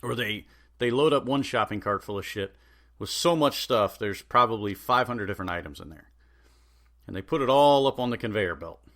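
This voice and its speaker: A man's voice: on the low side, expressive, moderate pace, a bit bright. A man hosting a podcast, ranting sarcastically and swearing freely. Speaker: podcast host. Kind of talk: profane comedic rant.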